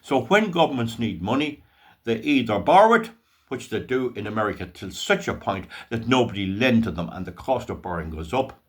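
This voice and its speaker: An older Irish man hosts his own channel, speaking briskly in a mid-range voice that swings widely in pitch. His casual monologue is folksy and rambling, with restarts and asides along the way.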